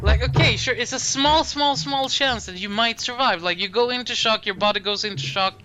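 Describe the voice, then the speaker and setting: A man co-hosting a horror movie podcast in casual chat, laughing often and pausing with ums. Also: very high voice, music in the background, poor audio. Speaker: podcast co-host.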